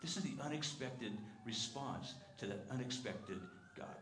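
A man's voice: medium pitch, a little slow, noisy background. A male pastor preaching a sermon in a church, earnest and conversational, asking the congregation questions and sometimes stumbling over repeated words. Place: church sanctuary. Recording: echoey church sanctuary.

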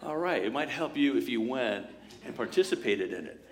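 A man preaching a sermon as pastor, in a lively conversational way, acting out quoted voices and asides. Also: medium pitch, normal speed.

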